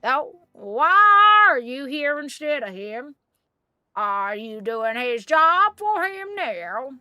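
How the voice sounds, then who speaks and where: A woman voicing a Southern villager woman in a game, with a slow, drawn-out, folksy delivery in an attempted American Southern accent. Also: sits high, big pitch swings, dry recording, lo-fi sound, faint music behind, full character voice. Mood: grumbling.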